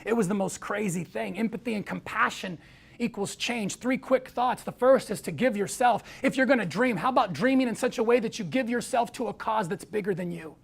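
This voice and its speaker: An American man giving an inspirational talk, with a gravelly edge in his voice. He tells stories and acts out the lines of the people in them. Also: sits high, a little fast. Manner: storytelling, acts out quoted voices. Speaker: speaker.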